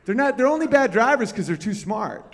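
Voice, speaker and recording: A man's voice: sits high, very animated, a little fast. A man performing a brash, profane stand-up comedy set at a live venue.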